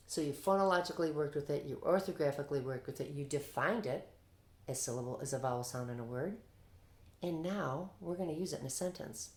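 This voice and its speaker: A woman with a low voice walks teachers through a reading lesson. She speaks in an upbeat, encouraging way and gives lots of praise. The room sounds echoey around her. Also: lively intonation, normal speed, darkish tone. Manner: upbeat, praising, demonstrates student answers. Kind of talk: instructional explanation to teachers.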